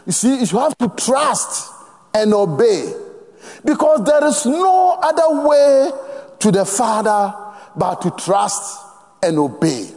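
A man's voice: high-pitched, very animated, takes it slowly, a little mellow. A man with a Ghanaian accent preaching a sermon emphatically, prompting the congregation to finish his phrases. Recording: long reverb of a large hall.

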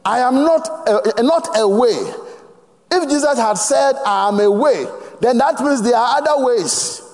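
High-voiced Ghanaian preacher, slow, echoing. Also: male voice, expressive, a little mellow. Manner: emphatic, prompts the congregation to finish phrases. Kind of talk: sermon. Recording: long reverb of a large hall.

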